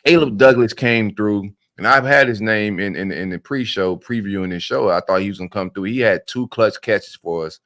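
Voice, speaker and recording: A man co-hosting a sports podcast, talking fast and excitedly in casual chat, often repeating words. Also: lowish voice, no room sound, studio quality. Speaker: podcast co-host.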